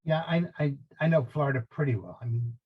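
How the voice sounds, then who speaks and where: A man's voice: medium pitch, animated, quick pace, slightly rough, phone-quality sound. An older man from New Jersey with a New Jersey accent, chatting casually as a guest and telling jokey stories with stammered restarts. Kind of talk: casual chat.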